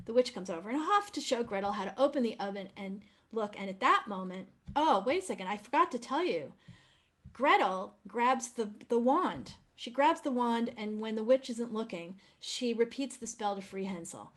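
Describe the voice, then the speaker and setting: A woman's voice: a little high, expressive, normal speed. A woman presenting opera program notes in an effusive, enthusiastic manner.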